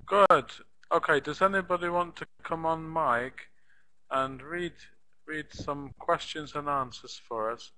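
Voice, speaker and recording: Slow, patient male English teacher. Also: a little high, pushed and bright, poor audio. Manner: slow, patient explaining with repeated model phrases. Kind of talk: live online class teaching.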